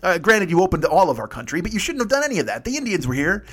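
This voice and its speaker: A man's voice: high-pitched, sing-song, racing, a bit bright, husky. A man hosting a podcast, delivering a profane, rambling comedic rant full of swearing. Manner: ranting, rambling, heavy swearing. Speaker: podcast host.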